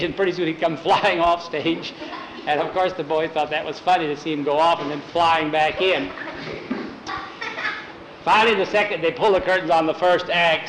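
A man telling a folksy story in a lively way, putting on voices for each figure. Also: fairly high pitch. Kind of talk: oral storytelling. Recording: roomy echo, faint noise.

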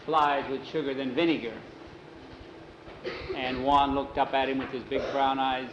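A man's voice: medium pitch, level tone, a little slow, echoey room, dull audio, noisy background. A man telling a story aloud in a casual, conversational way, with many "he says" tags. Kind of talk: oral storytelling.

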